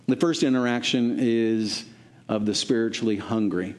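A man's voice: fairly low pitch, steady tone, normal speed, a little mellow. A man preaching a sermon as pastor, earnest and exhorting, repeating phrases for emphasis.

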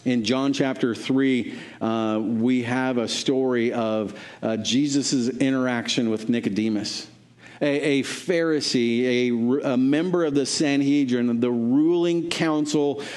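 A man's voice: mid-range voice, steady tone, slow pace, darkish tone. A man preaching a sermon as pastor, earnest and exhorting, repeating phrases for emphasis.

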